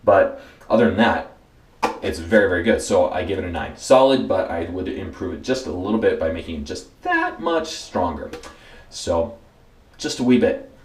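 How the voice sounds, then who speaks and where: A relaxed man talks through a product review in a low, unhurried voice. He leans on repeated words and loose fillers as he goes. The recording is roomy, with plenty of echo around him. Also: slight background noise. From United States. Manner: easygoing, repeats words for emphasis, frequent fillers. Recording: roomy echoey room.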